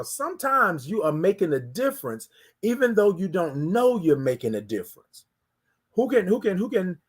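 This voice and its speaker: A man's voice: fairly high pitch, a bit bright. A man hosting a casual morning livestream from home, chatting loosely with viewers, greeting them by name and repeating his phrases. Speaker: livestream host.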